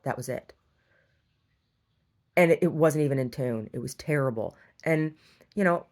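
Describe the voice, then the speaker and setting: Woman, middle-aged, low voice, exasperated, rambling, casual storytelling. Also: moderate pace, long pauses, a little mellow. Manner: rambling and exasperated, many restarts. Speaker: store owner.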